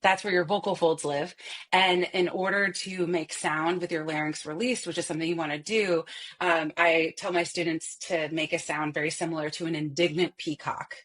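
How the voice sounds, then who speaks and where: Husky low-voiced woman voice coach. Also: normal speed. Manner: animated, explains with vocal demonstrations. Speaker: voice coach and company CEO. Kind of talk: explanatory interview talk.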